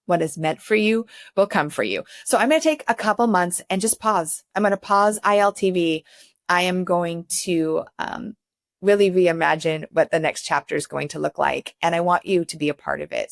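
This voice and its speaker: A woman's voice: fairly low pitch, gravelly, no room sound, clean studio sound. Effusive fifty-something woman host. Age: 50s. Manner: effusive, enthusiastic and grateful; conversational with frequent restarts. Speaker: show host. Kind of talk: unscripted talk to camera.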